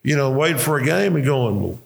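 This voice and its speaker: An older man with a drawl tells rambling coaching stories, salted with swearing and his own laughter. His voice is gravelly and sits at an ordinary pitch. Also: animated, fairly quick. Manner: profane, laughing anecdotes. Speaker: retired football coach, guest. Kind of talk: casual storytelling.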